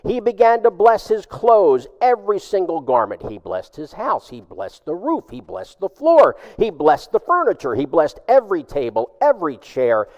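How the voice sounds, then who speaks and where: A male pastor delivering a sermon with a lively, expressive voice that climbs and dips as he tells a story. His voice is fairly high for a man. It echoes through a large church, and the sound is a little dull. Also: moderate pace, few pauses. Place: church sanctuary.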